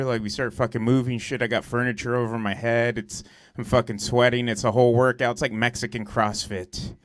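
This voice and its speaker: A man's voice: medium pitch, little pitch movement, fairly quick, hardly any pauses, no room sound. Profane young man doing stand-up. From Southern California. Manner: profane, conversational storytelling with lots of "like" and "dude". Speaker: stand-up comedian. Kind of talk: stand-up comedy set. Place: comedy club stage.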